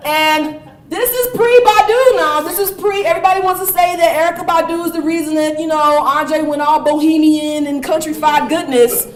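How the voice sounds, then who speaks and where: A woman giving a university lecture, telling the story in a lively, animated way with frequent laughter. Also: high-pitched, a little slow, far from the mic. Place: lecture room. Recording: roomy hall sound.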